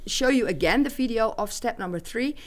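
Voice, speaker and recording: Dutch woman hosting a livestream in english, halting, hunts for words. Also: on the high side, lively intonation. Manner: hesitant, searching for words. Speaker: host.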